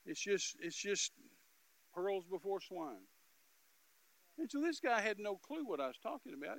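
A man telling a story in a sermon, dramatic and swinging between quiet narration and loud outbursts. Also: sits high, very animated, measured pace, creaky, pauses often, no room sound, rough recording. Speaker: preacher.

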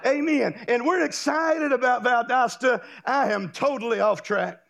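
A man from Florida, a guest pastor, preaching a fiery revival sermon in a church, shouting and folksy. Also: very high voice, measured pace, vocal fry. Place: church sanctuary.

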